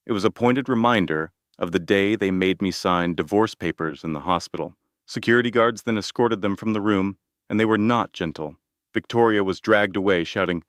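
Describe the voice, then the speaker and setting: A man narrating a scripted story with a measured, even delivery. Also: low-pitched, dry recording, studio quality.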